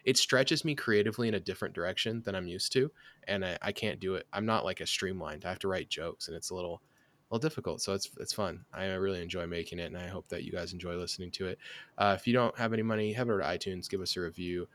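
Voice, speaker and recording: Deep-voiced, rambling podcast host. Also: male voice, quick pace, a bit bright. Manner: rambling, self-deprecating, frequent fillers. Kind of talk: casual sports chat and sponsor read.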